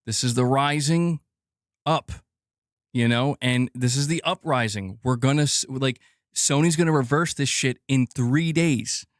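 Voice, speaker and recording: Man, live-stream gaming commentary, ranting, swearing, mid-pitched voice, dry close sound. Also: measured pace, dry recording. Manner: animated, swearing, ranting to chat with laughs.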